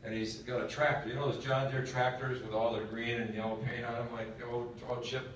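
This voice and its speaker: A man's voice: mid-range voice, level tone, fairly quick, slight background noise. A man speaking at a military education session, telling a long joke in a folksy way and quizzing the audience. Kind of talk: storytelling lecture. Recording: echoey hall from far off.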